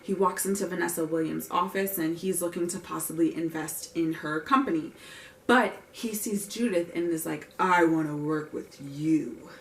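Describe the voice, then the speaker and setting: A woman's voice: fairly low pitch, normal speed, vocal fry, fairly bright tone, a little hiss or hum. A young woman giving a casual, opinionated film recap with wry asides. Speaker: vlogger reviewing a film. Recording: roomy, distant mic.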